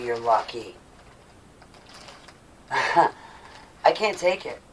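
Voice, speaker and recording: A woman talking to her viewers in an animated, emphatic way, her voice swinging from loud to soft. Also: sits low, a little hiss or hum. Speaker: vlogger. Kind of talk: casual monologue to viewers. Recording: voice a bit far from mic.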